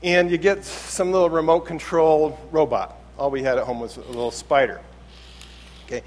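A man's voice: on the high side, normal speed. A man preaching a sermon in church, talking conversationally and acting out little quotes as he goes. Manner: conversational and animated, acts out quotes. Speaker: pastor.

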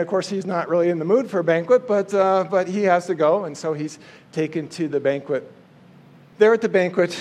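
A man casually retelling a Bible story in a playful, chatty way. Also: fairly high pitch. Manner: playful, chatty, acts out quotes.

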